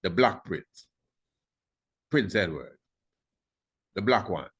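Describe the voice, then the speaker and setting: A man's voice: sits low, very animated, slow pace, a bit bright, breathy edge. A man giving an informal history lecture, emphatic and repetitive, firing rhetorical questions at his listeners and chuckling at his own remarks.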